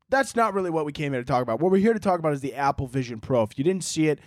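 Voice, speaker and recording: A young man talks through a casual solo podcast monologue, rambling, cursing freely and laughing as he goes. His voice sits fairly high for a man, and the recording is dry and close. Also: no echo. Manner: rambling, swears a lot, laughs often. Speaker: podcast host.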